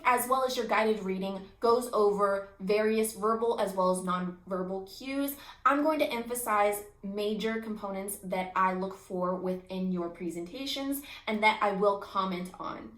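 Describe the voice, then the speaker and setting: A woman instructor giving a recorded lecture, energetic and emphatic with an expressive voice. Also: mid-range voice. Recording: echoey room.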